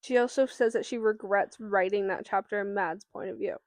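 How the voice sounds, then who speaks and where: A woman's voice: mid-range voice, fairly even intonation, brisk, dry recording. A woman co-hosting a podcast, recapping a novel's plot in casual chat with fillers and some swearing. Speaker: podcast co-host. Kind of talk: casual book discussion.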